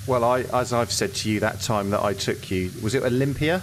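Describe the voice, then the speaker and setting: A man in casual conversation while playing a game, chatty and quick to apologize. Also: medium pitch, background noise. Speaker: co-host. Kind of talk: casual chat while gaming.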